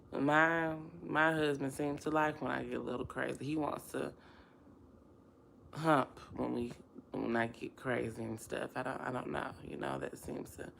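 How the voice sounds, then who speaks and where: A woman's voice: a bass voice, vocal fry, a little hiss or hum. A woman from Alabama with a Southern accent, chatting casually and expressively to her livestream viewers. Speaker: livestream host. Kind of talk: casual livestream chat, reading comments aloud.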